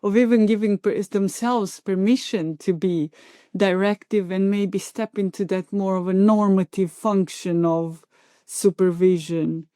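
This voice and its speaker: A woman's voice: medium pitch, steady tone, unhurried, warm tone, no room sound, studio quality. A woman hosting an interview, supportive and affirming, often murmuring agreement while her guest talks. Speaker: interview host. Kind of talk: interview conversation.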